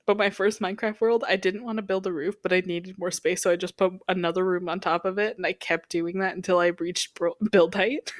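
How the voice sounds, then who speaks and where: A young woman co-hosting a casual podcast, explaining her points in a relaxed way with lots of fillers and giggles. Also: lowish voice, brisk, no room sound, studio quality. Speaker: podcast co-host. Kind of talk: casual chat.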